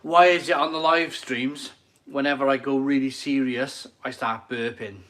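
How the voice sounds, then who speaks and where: A man's voice: mid-range voice, fairly even intonation, normal speed, fairly bright tone. A middle-aged man casually chatting on a live stream from his home kitchen, enthusiastic and rambling, repeating his phrases as he reads out viewer comments.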